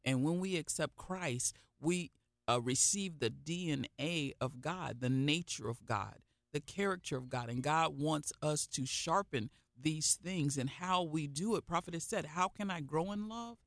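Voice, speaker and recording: Man, faith broadcast minister: fervent, repetitive preaching style, somewhat high voice. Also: a little slow, a bit bright, no room sound, studio quality. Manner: fervent, emphatic, repeating phrases for effect.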